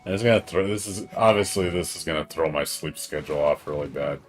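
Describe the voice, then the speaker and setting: A man chatting casually on a live game stream, rambling and excitable, swearing often and tired from staying up all night. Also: extremely low pitch, fast talker, faint music behind.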